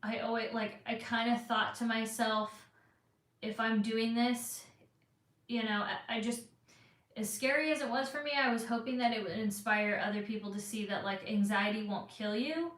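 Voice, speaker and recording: A woman's voice: a little high, steady tone, moderate pace, a bit bright. A young woman with a Southern Californian accent, chatting casually on a live stream and answering viewers, rambling with lots of fillers. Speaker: vlogger answering live chat. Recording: echoey room.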